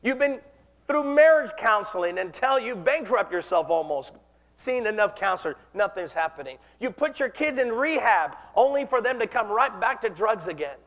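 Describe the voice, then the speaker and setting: A man preaches a sermon, his voice sitting high for a man. He speaks with impassioned conviction and leads the congregation in call-and-response. His words ring through a reverberant church hall. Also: lively intonation, normal speed, a bit bright. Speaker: pastor.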